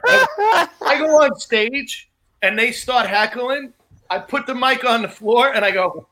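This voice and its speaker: A man's voice: very high voice, big pitch swings, takes it slowly, bright, forceful tone, poor audio. A man, a stand-up comedian, telling brash, profane stories in casual chat with other comics. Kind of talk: casual storytelling among comics.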